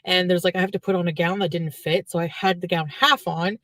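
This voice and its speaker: A woman's voice: on the low side, fairly even intonation, a little fast, fairly bright tone, no room sound. Chatty woman telling a long story. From French Canadian. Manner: chatty, rambling, digressive. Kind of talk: storytelling vlog.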